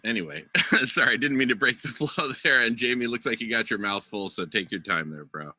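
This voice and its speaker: A man hosting a casual group call, greeting people warmly and chatting freely. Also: medium pitch, brisk, low-quality recording. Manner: friendly, effusive greetings. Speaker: host.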